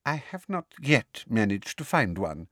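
A sickly-sweet, silky witch official, as a male reader puts her on, pitched well up with a lilting, swooping line. Her honeyed tone hides a sharp, snappish edge. It is read in a dry, close storybook voice. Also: wildly swooping pitch, a little slow, dry recording, heavily acted. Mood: smug.

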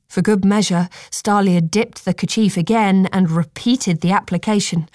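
A woman narrating a storybook in a calm, measured reading voice. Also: mid-range voice, no room sound, clean studio sound.

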